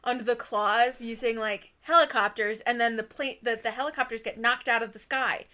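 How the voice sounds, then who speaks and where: A young woman co-hosting a podcast in casual chat, excitable and rambling, laughing often. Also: on the high side, normal speed. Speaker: podcast co-host.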